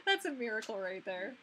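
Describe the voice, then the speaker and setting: A young woman hosting a casual live-stream Q&A, chatty and bubbly, breaking into excited squeals. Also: on the high side, measured pace, slight background noise. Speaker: mermaid channel host.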